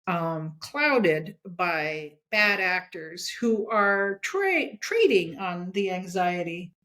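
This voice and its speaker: A woman's voice: lowish voice, expressive, extremely slow, a bit bright. Blunt, emphatic woman guest. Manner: blunt, emphatic, checks in with "okay?". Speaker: comics editor and guest. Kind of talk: casual interview talk.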